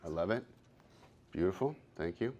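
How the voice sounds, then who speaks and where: A man's voice: low-pitched, expressive, moderate pace, mellow, dull audio. Upbeat man in his fifties coaching. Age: 50s. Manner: upbeat, playful, encouraging. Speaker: workshop presenter and coach. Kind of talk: live workshop talk. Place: conference workshop room.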